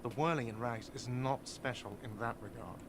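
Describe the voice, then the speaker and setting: A man's voice: mid-range voice, normal speed, gravelly, lightly acted. A man voicing a curt, defensive bar manager in a video game. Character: grumpy, tight-fisted male hostel manager. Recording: game audio with noisy ambience.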